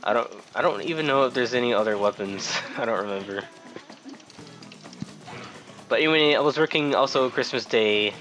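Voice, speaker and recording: A young man casually comments on a game he's playing as a gameplay commentator, telling a rambling let's-play story. His mid-range voice moves at normal speed with long pauses, and he swears freely and sounds exasperated. Music plays in the background.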